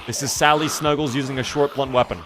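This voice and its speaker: Joking young streamer, noisy audio. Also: male voice, mid-range voice, steady tone, quick pace. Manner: casual, joking, swears, answers chat aloud. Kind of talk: live gameplay commentary.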